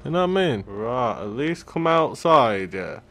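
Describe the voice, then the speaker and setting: A young man giving gameplay commentary, loud, swearing often and full of street slang. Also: mid-range voice, big pitch swings, measured pace, very noisy. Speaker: gaming YouTuber.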